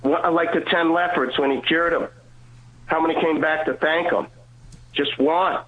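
A man shares his faith testimony by phone. His voice sits a bit high and comes through a narrow, tinny line. He tells it earnestly and acts out the people he quotes. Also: steady tone, moderate pace. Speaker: caller sharing a testimony.

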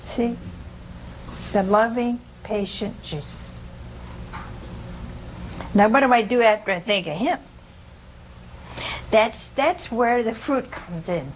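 A woman's voice: on the high side, takes it slowly, long pauses, slight background noise. A woman giving an informal religious talk to a live audience, chatty and humorous, often putting questions to her listeners. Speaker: religious teacher.

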